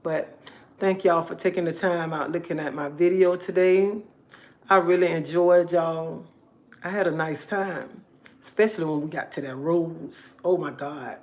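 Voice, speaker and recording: A woman's voice: on the low side, steady tone, measured pace. A woman talking casually to her viewers on a live stream, chatty and emphatic, repeating herself often. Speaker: livestream host.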